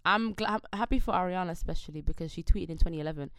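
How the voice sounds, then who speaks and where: A young woman with an Australian accent, co-hosting a casual pop-culture chat, talking quickly and with strong opinions. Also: lowish voice, clean tone, dry recording, clean studio sound. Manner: fast, animated, opinionated. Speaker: podcast co-host.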